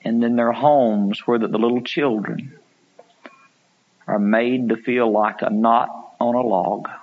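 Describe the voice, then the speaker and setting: A man preaching a sermon, telling stories and acting out quotes, climbing to loud pleading peaks. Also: mid-range voice, steady tone, measured pace, narrow, tinny audio.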